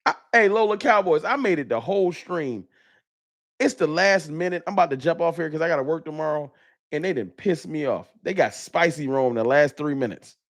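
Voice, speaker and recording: A man's voice: fairly high pitch, brisk. Heated man ranting on a live stream. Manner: animated, swearing, repetitive emphatic.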